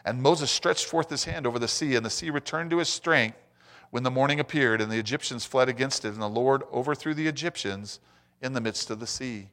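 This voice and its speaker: A middle-aged man preaching a sermon in church, reading scripture and turning to the congregation with lively asides. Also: mid-range voice. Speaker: pastor.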